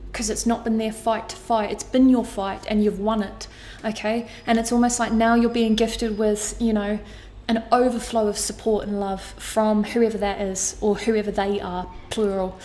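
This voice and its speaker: Her voice sits on the high side and is darkish, delivered flatly at normal speed with few pauses. She is a tarot card reader doing an astrology reading for her viewers, emotional and earnest, repeating phrases and swearing casually.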